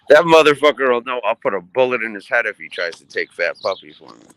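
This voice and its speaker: A man's voice: mid-range voice, brisk, noisy background. A man in casual conversation, telling a rambling story full of swearing and laughter. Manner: profane, laughing, animated storyteller.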